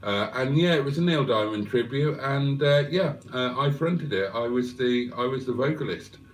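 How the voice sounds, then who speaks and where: This livestream host is a man with a mid-range, expressive voice at normal speed, recorded far from the mic in a reverberant space. He chats casually while reading viewer comments, rambling with fillers and asides.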